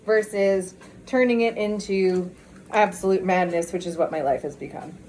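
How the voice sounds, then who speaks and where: A woman's voice: medium pitch, fairly even intonation, normal speed, darkish tone, slight background noise. A woman vlogger chatting candidly in a casual walk-and-talk video, talking outdoors as she walks.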